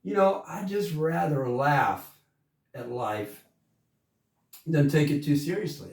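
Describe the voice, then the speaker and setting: A man's voice: on the high side, lively intonation, slow pace, long pauses. A man from coastal Georgia, telling an easygoing, folksy story. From coastal Georgia, USA. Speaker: singer and storyteller. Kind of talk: spoken story then country song. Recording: roomy sound from a distance, with guitar. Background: guitar music.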